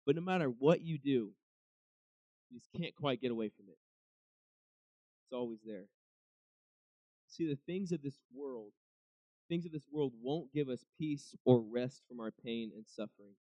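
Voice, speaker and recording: This young preacher's voice is a little high and a little mellow, captured lo-fi with no echo. His devotional talk is casual and conversational, full of restarts and acted-out lines people might say to God.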